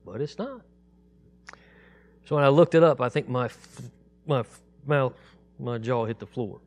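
A man teaching a Bible study, reading scripture aloud slowly and emphatically, then explaining it in a casual, conversational way. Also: mid-range voice, darkish tone. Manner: reads scripture aloud in a raised, slow, emphatic voice.

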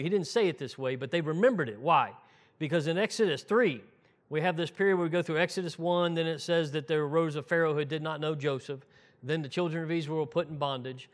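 A man preaching a conversational sermon, dropping his voice low and soft when he quotes scripture. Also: fairly quick.

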